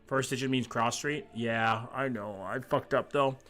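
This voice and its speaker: A man's voice: mid-range voice, steady tone, a little slow, sharp tone. A man streaming a geography game, chatting casually and reading chat aloud, swearing freely, a little sick. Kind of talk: casual live-stream chat while gaming.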